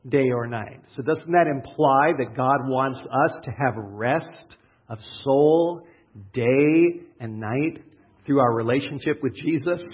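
A husky male preacher who speaks slowly and deliberately, drawing out the words he wants to stress. He prays, reads scripture and asks his congregation questions that he then answers himself. The recording sounds dull and lo-fi. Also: medium pitch. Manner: deliberate, stretches out key words. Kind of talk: sermon with prayer and scripture reading.

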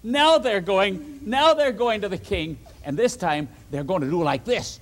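A man's voice: sits high, measured pace, few pauses. A man preaching by telling a Bible story to children, directing them as they act it out. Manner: animated, theatrical, directing children acting out the story.

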